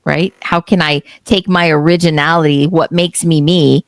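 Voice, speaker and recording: Lower-pitched woman host, dry close sound, affirming. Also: steady tone, normal speed, no room sound. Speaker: podcast host. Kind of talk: conversational interview.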